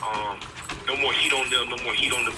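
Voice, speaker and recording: A Virginia man in his forties speaks by phone from prison in a candid interview, earnest, plain-spoken, and a bit rambling. He talks fairly quickly in a mid-range voice with fairly even intonation, and the line is very noisy.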